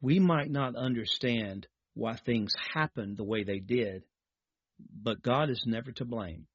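A man's voice: medium pitch, a little slow, husky, no room sound, lo-fi sound. A man preaching a sermon, reading scripture aloud and then speaking straight to his listeners.

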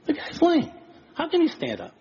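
A man preaching a sermon in an animated way, acting out quoted voices with chuckles. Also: extremely high pitch, normal speed, dull audio. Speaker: pastor.

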